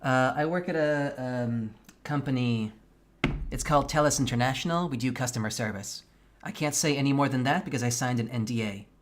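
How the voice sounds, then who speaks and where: A man streaming a game, chatting casually with his viewers, candid and quick to swear. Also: medium pitch, a little hiss or hum. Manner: candid and profane, venting frankly. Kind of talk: casual chat with live viewers.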